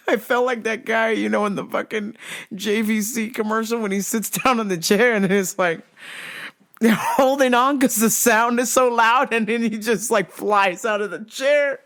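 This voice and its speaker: A woman hosting a show, telling comic stories in a loose, profane, animated way. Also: on the high side, a little slow. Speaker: host. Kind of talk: casual comedic storytelling.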